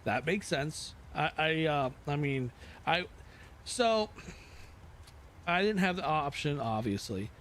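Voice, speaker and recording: Man, flight sim streamer, casual rambling chat, self-mocking, slightly high voice. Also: animated, slow, pauses often, fairly bright tone, a little hiss or hum.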